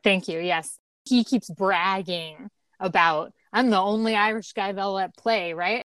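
A woman in a casual film discussion, making steady analytical points and often ending them with "right?". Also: mid-range voice, a little slow, clear, resonant tone, no echo.

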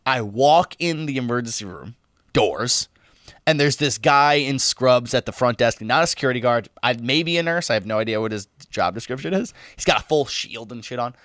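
A man telling a story in casual chat, animated, swearing and laughing often, acting out what others said. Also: mid-range voice, normal speed, dry recording, clean studio sound. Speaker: podcast co-host telling a story.

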